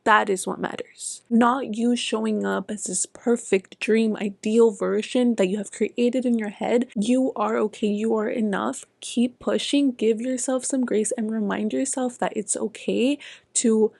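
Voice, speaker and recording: A woman's voice: on the high side, steady tone, unhurried, creaky, a little mellow, no echo. A young woman hosting a self-help podcast, talking earnestly and frankly, swearing freely and dropping into whispers for emphasis. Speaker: podcast host.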